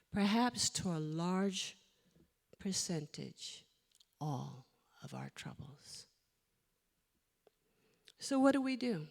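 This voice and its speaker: A woman minister giving a sermon, telling a story with emotion and dropping to soft whispers at times. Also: on the low side, vocal fry. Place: church sanctuary. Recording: long hall reverb.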